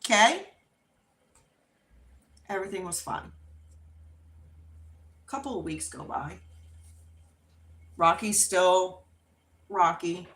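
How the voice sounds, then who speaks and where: A middle-aged woman hosting a livestream, chatting casually and telling an unhurried story with laughs while she crafts. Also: fairly low pitch, echoey room. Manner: animated and expressive when acting out quotes. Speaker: livestream host.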